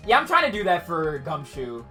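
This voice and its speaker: A woman's voice: lowish voice, huge pitch swings, normal speed, pushed and bright, faint music behind. A woman streamer giving wry, self-mocking asides while playing a game. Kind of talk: gameplay commentary with read-aloud voices.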